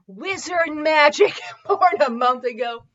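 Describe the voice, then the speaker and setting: A woman's voice: sits high, animated, slow pace, a bit bright. A young woman hosting a podcast, reading fan fiction aloud and mocking it with sarcastic, giggly asides and the odd swear. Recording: dull lo-fi audio.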